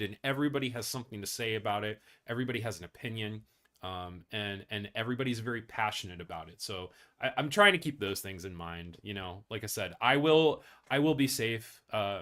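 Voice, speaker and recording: Bright-voiced man rambling through a news stream. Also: on the low side. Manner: rambling, self-deprecating, many fillers and restarts. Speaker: news livestream host. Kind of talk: casual news livestream commentary.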